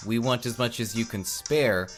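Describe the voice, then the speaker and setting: A man's voice: medium pitch, soft background music. A man co-hosting a comedy podcast, joking and rambling in casual banter. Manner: joking, rambling, quick to laugh. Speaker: podcast co-host.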